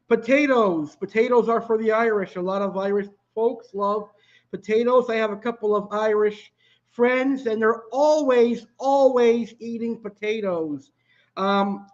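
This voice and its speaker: Male cooking-stream host, high-pitched, easygoing chatter, muffled lo-fi sound. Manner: chatty, answers viewer comments. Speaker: live cooking show host. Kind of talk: casual live-stream chat.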